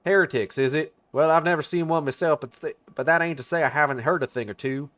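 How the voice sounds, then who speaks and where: A man's voice: fairly high pitch, fast talker, a bit bright, voice pushed up, close to an everyday voice. A man voicing a common-born male soldier with a folksy put-on accent and loose grammar, chatty and easygoing.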